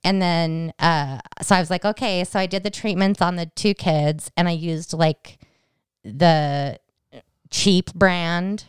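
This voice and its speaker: A woman's voice: on the low side, fairly even intonation, slow pace, smooth, no room sound, studio quality. A woman in her forties co-hosting a podcast, chatting casually and acting out family dialogue as she tells a story. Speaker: podcast co-host. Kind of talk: casual chat.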